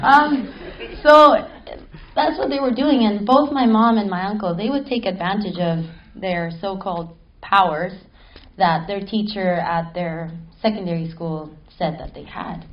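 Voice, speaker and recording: Animated woman telling a spooky story. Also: mid-range voice, dull audio. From Mexico City. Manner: animated, laughing, swears casually. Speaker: panel guest. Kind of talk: live panel storytelling. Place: stage at a film festival panel.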